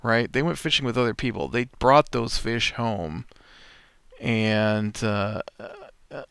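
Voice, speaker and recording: Guy rambling while he plays a game, smooth voice, lots of uhs, dry close mic. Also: medium pitch, takes it slowly, a bit bright, no echo. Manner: rambling, full of uhs and restarts, wry. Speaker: let's play host. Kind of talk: casual storytelling while playing a game.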